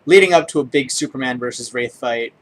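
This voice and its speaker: Halting, enthusiastic young man reviewing comics. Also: mid-range voice. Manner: enthusiastic, halting, full of ums and restarts. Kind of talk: casual spoken review.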